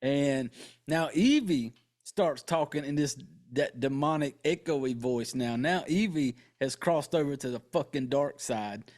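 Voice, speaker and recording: A man's voice: medium pitch, a little slow, darkish tone. A man hosting a podcast, casually and profanely retelling a horror movie's plot with joking asides. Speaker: podcast host.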